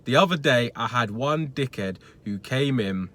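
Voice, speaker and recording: A young man telling a blunt, swearing rant about a customer at work, acting out the argument in a lively way. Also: medium pitch, normal speed. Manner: blunt, swearing, animated storytelling. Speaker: retail worker vlogger. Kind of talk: casual ranting story.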